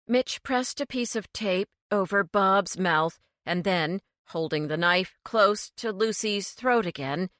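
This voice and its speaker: A woman with a medium-pitched voice narrates a cozy mystery audiobook in a steady, measured storytelling manner. It's scripted narration with dry, clean studio sound.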